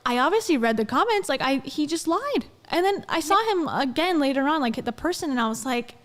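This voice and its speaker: A woman's voice: high voice, expressive, brisk, hardly any pauses, fairly bright tone, long reverb tail. A woman co-hosting a casual commentary podcast, telling stories animatedly, swearing and laughing often. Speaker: podcast co-host and video creator.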